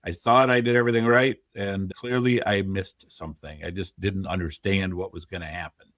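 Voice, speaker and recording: Here a middle-aged real estate investor, guesting on a podcast, candidly recounts his experiences and repeats his own earlier thoughts in interview-style storytelling. He speaks with a deep, steady, fairly bright voice at a moderate pace. Studio-clean audio, no room sound.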